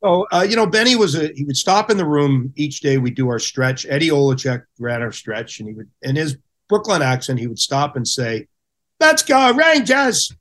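A middle-aged man telling stories as a podcast guest, with a voice of ordinary pitch. He talks in a casual, animated way and acts out the people he quotes. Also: brisk. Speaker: podcast guest, former hockey goaltender. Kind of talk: casual storytelling.

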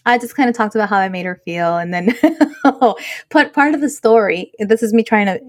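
A woman's voice: medium pitch, dry recording, clean studio sound. A middle-aged woman co-hosting a podcast, chatting candidly about her daughter and swearing freely. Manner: candid, swears freely, talks in quick asides. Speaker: podcast co-host. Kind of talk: casual chat.

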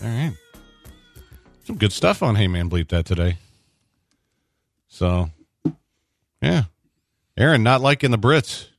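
A man's voice: fairly low pitch, very animated, slow, creaky, long pauses, soft background music. A man hosting a sports radio show, talking in loose casual banter with lots of restarts. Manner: rambling, frequent restarts and uhs.

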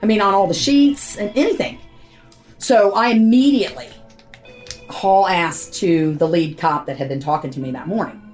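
A woman's voice: mid-range voice, normal speed, darkish tone, soft background music. A woman telling, in her own words, what happened to her family, blunt and repeating herself under strain. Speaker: interviewee recounting a family tragedy. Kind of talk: emotional first-person recounting.

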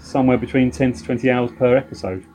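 A man's voice: mid-range voice, quick pace, a little mellow, faint music behind. A middle-aged man with a London accent, co-hosting a podcast in casual, joking banter. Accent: London English. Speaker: podcast co-host. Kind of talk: casual chat.

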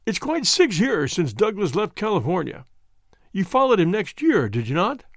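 A man's voice: sits high, sing-song, moderate pace, dry recording, clean studio sound, voice pushed up, heavily acted. A man reading an audiobook, voicing a stern police inspector who questions in an insistent, formal way. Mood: probing.

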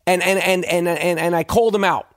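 A man hosting his own podcast, ranting in a brash, animated way, cursing and stumbling over repeated words. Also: high-pitched, brisk, no room sound, clean studio sound. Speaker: podcast host. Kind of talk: profane rant.

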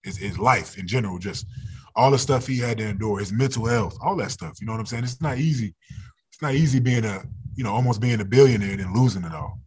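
A man's voice: on the low side, quick pace, husky. A young adult man, a football player, talking casually in an interview, laid-back and often laughing.

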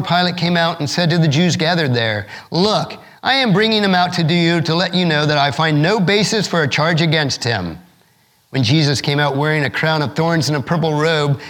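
A man's voice: on the high side, a bit bright. A man as pastor, preaching a sermon and reading scripture aloud expressively, lifting his voice for the quoted speakers.

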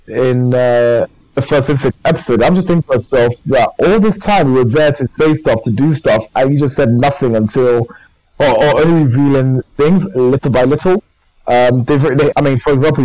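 A man's voice: mid-range voice, darkish tone, dry recording, poor audio. A man co-hosting a podcast, chatting casually and enthusiastically in a rambling way. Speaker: podcast co-host. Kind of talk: casual chat.

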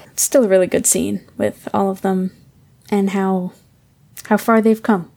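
Woman with a gravelly voice, relaxed, walking through a tv episode recap. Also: mid-range voice, measured pace. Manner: relaxed, affectionate, leads the recap. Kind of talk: casual chat recapping a TV episode.

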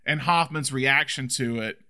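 A young man co-hosting a casual podcast chat about films, excitable and gushing. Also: medium pitch, measured pace. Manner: excitable, gushing, full of fillers and restarts. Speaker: podcast co-host.

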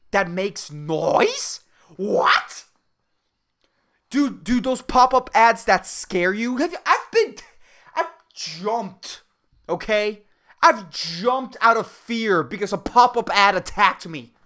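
Foul-mouthed woman ranting on a podcast. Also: mid-range voice. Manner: profane, heated ranting; shifts quickly between loud outbursts and muttered asides. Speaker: podcast host. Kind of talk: comedic solo podcast rant.

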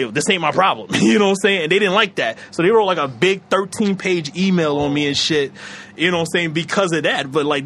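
Young male podcast host, quick and loose, filler-heavy storyteller. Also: a little high, a bit bright, a little hiss or hum. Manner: rambling, heavy fillers, laughs often. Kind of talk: casual chat.

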